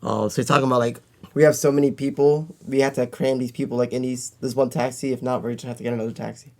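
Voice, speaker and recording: A man's voice: mid-range voice, level tone, fast. A man co-hosting a casual podcast, rambling with lots of filler words. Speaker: podcast co-host.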